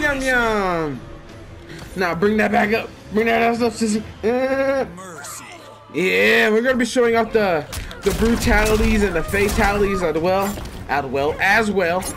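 A man giving casual, excitable commentary on his own gameplay, swearing, laughing and yelping at the action. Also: sits high. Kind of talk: casual let's-play commentary. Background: game music and sound effects.

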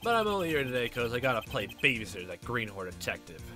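A man voicing a swaggering cowboy detective in a put-on Texan drawl, folksy and booming, with game music behind. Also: sing-song, quick pace, pushed and bright.

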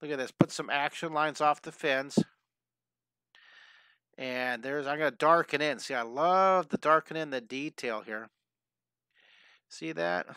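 A middle-aged man leads a drawing lesson with bright, crisp energy. He encourages his young viewers and drifts into cheerful stories. The sound is dry and close to the mic. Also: a little high, no room sound. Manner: enthusiastic and encouraging, chatty asides. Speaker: drawing teacher. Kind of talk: live drawing lesson with storytelling.

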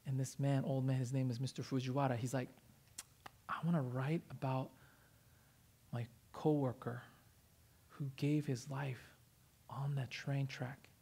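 A male pastor telling a story in a sermon, animated and rising in emphasis. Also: mid-range voice, measured pace, vocal fry, pauses often, breathy edge. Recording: church service livestream.

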